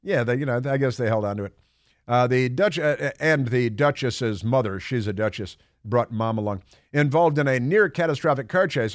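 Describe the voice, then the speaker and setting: A man's voice: medium pitch, dry recording, clean studio sound. A man hosting a talk radio show, telling rambling stories in a wry, sarcastic way. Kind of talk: casual talk radio monologue.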